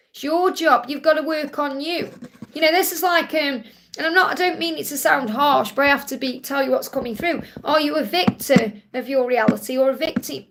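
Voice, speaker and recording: High, gravelly-voiced woman tarot reader. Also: a bit bright. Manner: reassuring, affectionate, addresses viewers directly. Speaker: tarot card reader and live stream host. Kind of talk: live tarot reading, answering viewer questions.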